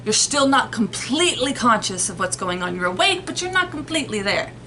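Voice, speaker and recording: Woman rambling thru an explainer for her viewers, kinda high bright voice, lots of restarts. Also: lively intonation, fairly quick, a little hiss or hum, rough recording. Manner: rambling, conversational, frequent restarts and analogies. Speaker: host explaining sleep and nightmares. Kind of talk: casual explanatory talk to viewers.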